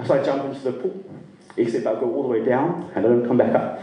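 A middle-aged man from Sri Lanka telling a funny personal story to a live audience, lively and self-mocking, often laughing. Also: medium pitch, fast talker. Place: performance venue. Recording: roomy sound from a distant mic.

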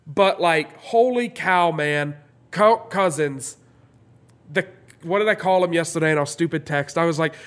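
A man co-hosting a sports podcast, stuffy with a cold, rambling excitedly with many restarts. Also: fairly high pitch, unhurried. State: congested from a cold. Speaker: podcast co-host. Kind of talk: casual sports chat.

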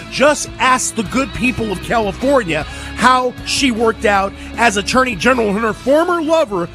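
A man hosting a political talk radio show, emphatic and mocking, who repeats his points and hammers them home. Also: extremely high pitch.

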